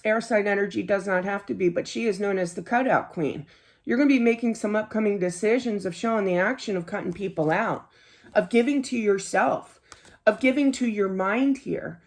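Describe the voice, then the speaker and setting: A woman's voice: medium pitch, normal speed, darkish tone. A middle-aged woman giving a casual tarot reading in a chatty, earnest way, laughing easily and often saying "you know.". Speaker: tarot card reader.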